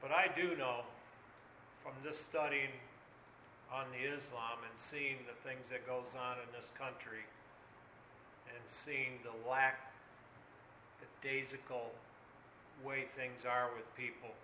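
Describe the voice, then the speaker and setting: An older man preaching a sermon earnestly, dropping low and quiet, then rising loud and urgent. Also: fairly even intonation, slow pace, pauses often, echoey room, slight background noise, poor audio.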